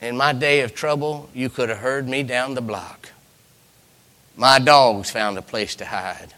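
A man preaching a sermon, acting out Bible characters with big swings from loud lines to whispers. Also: mid-range voice, unhurried, big-room sound.

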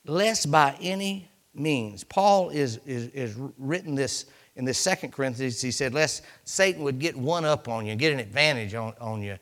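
A man's voice: mid-range voice, expressive, moderate pace, few pauses, a bit bright. A man preaching a sermon in a church, chatty and conversational, acting out asides and breaking in with hallelujahs. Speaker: pastor.

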